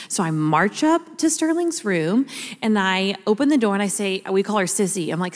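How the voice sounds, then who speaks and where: A woman's voice: medium pitch, very animated, moderate pace. Chatty woman preaching in a hall. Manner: chatty storyteller, addresses the congregation as y'all. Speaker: pastor. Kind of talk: sermon with personal stories. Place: large church auditorium. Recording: long church hall reverb.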